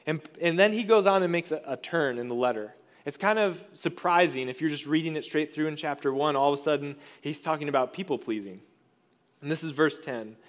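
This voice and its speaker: A male pastor delivers a sermon in a fairly high voice. He talks in an earnest, conversational way and often restarts his phrases mid-thought. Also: a little fast.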